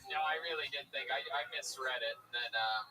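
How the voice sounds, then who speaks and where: A man hosting a live comedy show, loud and swearing freely as he brings comics on. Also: medium pitch, a little fast, distant mic, noisy background.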